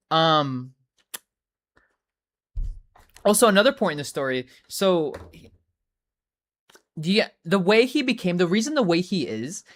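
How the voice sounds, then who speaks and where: A woman's voice: sits low, a bit bright. A woman streaming live, chatting casually in a rambling, filler-heavy, profane way while greeting viewers. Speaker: livestreamer. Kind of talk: casual chat.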